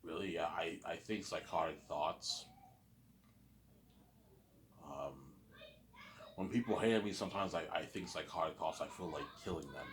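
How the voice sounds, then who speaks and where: A man talking in a casual, rambling monologue, halting and repeating himself often. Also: sits low, a bit bright, a little hiss or hum. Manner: repetitive, halting, many restarts. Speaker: vlogger.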